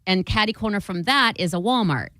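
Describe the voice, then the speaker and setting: A young woman telling a story in a casual chat, animated and swearing, acting out what people said. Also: medium pitch, fairly quick, no room sound. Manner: animated, swearing, acts out quotes.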